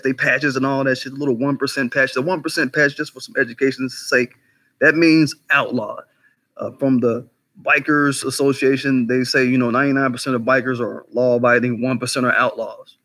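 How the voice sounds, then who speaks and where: A man hosting a casual livestream commentary, talking in an animated, conversational way, swearing freely, firing off rhetorical questions and greeting chat viewers by name. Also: medium pitch. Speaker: commentary channel host.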